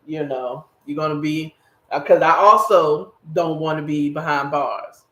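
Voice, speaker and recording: A man's voice: fairly high pitch, a little slow, fairly bright tone. A man hosting a podcast, rambling and emphatic as he talks straight to his viewers in a casual solo commentary. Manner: rambling, emphatic, speaks directly to the audience. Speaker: podcast host. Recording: echoey room.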